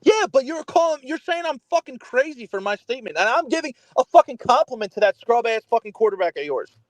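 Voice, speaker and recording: Very high-pitched, angry, cursing man. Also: very animated, fast talker, no echo. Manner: profane, angry, talks over others. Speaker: sports show co-host. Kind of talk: heated sports debate. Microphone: remote call-in.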